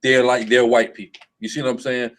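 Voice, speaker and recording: A street preacher gives informal religious teaching to a group in a loose, emphatic, repetitive style, often pausing to ask "you see what I'm saying?" to check that listeners follow. His medium-pitched voice holds a level tone at a fairly quick pace, captured in a low-quality recording.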